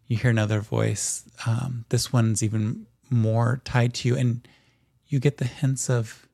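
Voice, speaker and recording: A man narrating a tabletop game as game master in a calm, descriptive way. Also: mid-range voice, creaky, husky, no room sound, studio quality.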